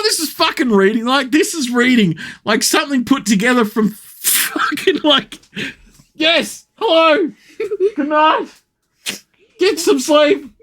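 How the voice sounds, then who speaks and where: Profane ranting man, lively pitch. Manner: profane, ranting, laughing often. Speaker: streamer. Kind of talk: live stream commentary.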